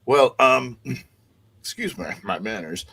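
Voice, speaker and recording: A booming, jovial mayor full of pomp, as a game master puts him on. He talks high and lively with hesitant pauses, slow and deliberate. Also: gravelly, slightly rough, full character voice. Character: jovial large older male mayor, pompous.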